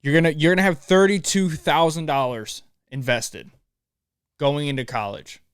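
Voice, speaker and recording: Young dude podcasting solo, hyped and swearing a lot, smooth clear voice, dry close mic. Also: male voice, fairly high pitch, moderate pace, no echo. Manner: profane, pumped-up motivational rant. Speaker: podcast host. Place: home room, dog barking nearby.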